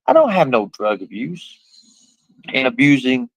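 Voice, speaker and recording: A man's voice: medium pitch, wildly swooping pitch, unhurried, no echo, poor audio. A man hosting a livestream, ranting in a boastful, profane, mocking way. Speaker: livestream host. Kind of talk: casual livestream rant.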